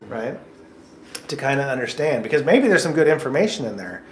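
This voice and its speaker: In an echoey indoor coffee shop with slight background noise, a man with a fairly high, very animated voice coaches job seekers through a mock interview. He talks fairly quickly, staying upbeat and joking while explaining his advice patiently.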